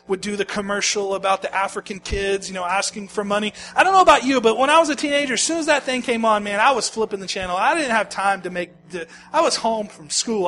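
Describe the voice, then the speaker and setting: Middle-aged male pastor, high bright voice, dynamic sermon delivery, slight hum. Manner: animated preaching, swings from shouting to near-whisper.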